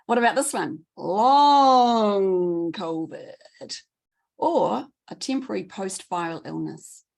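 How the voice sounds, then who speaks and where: A middle-aged woman giving a training talk, enthusiastic and quick, repeating words for emphasis. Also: mid-range voice, lively intonation, vocal fry, a little mellow, husky. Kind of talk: presentation talk.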